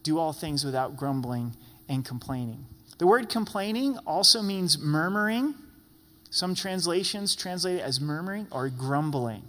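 A man preaching a sermon in a lively way, playfully acting out grumbling voices. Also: on the high side, moderate pace. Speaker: pastor. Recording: long hall reverb.

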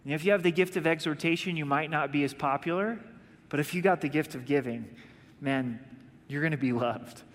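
A man's voice: a little high, brisk. A male pastor preaching a sermon in a casual, conversational way, acting out little asides. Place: church sanctuary. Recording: long reverb of a large hall.

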